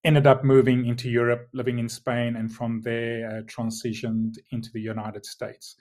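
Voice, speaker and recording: A middle-aged man with a South African accent answers interview questions at an even middle pitch. He explains things in a measured way, often restarting a phrase before he carries on. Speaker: guest, logistics executive. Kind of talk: remote podcast interview.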